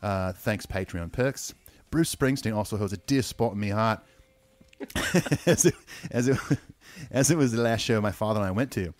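A man's voice: fairly low pitch, normal speed, darkish tone, dry recording, close to an everyday voice. A man putting on an exaggerated Australian accent to read a listener email, drifting toward Cockney. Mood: playful.

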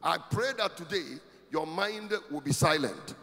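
A man's voice: fairly high pitch, expressive, a little slow. Emphatic preaching man in a reverberant church. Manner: emphatic preaching, swelling to shouts with sing-song cadences. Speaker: pastor. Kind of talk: sermon. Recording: long hall reverb, faint music.

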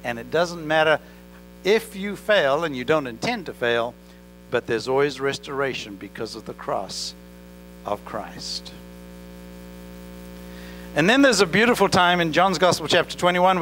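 In a church, a male pastor with a fairly bright voice on the high side preaches an earnest sermon, telling a story with rising and falling emphasis. The recording is rough, with electrical hum running through it.

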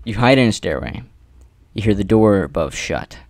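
A man narrating an adventure story in the second person, with theatrical pauses and rhetorical questions. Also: on the low side, lively intonation, no room sound. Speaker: narrator reading an AI-written adventure.

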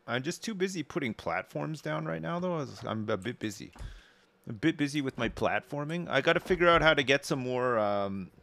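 A man's voice: mid-range voice, animated, fairly quick, creaky, a bit bright. A British man casually chatting and swearing while livestreaming a game, bantering sarcastically with his chat. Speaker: streamer. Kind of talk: casual live game commentary.

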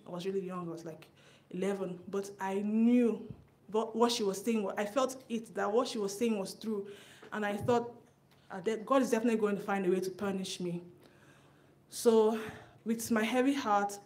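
A woman shares her testimony in front of a church congregation. Her delivery is earnest and conversational, with quick asides. Her voice sits at a middle pitch and rises when she recalls tense moments. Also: a little mellow. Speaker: church member giving testimony. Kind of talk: personal testimony at a church service.

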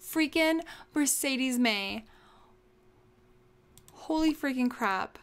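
A woman's voice: fairly high pitch, a little slow, pauses often. A young woman casually commenting on her own gameplay as a let's play host, often gasping and exclaiming.

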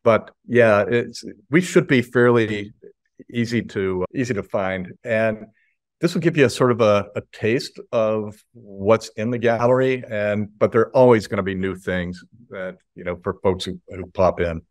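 A middle-aged man, a guest artist, telling stories in a relaxed, chuckling way on a video call. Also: fairly low pitch, a little slow, dry recording, studio quality. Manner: laid-back, chuckling storyteller. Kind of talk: casual interview chat.

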